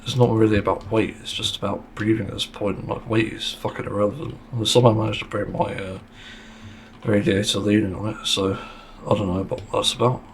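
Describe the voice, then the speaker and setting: A man's voice: lowish voice, little pitch movement, brisk, a little hiss or hum. A man hosting a casual solo podcast monologue, speaking bluntly and frankly, with plenty of swearing and the odd sarcastic aside. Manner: sarcastic at times. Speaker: podcast host.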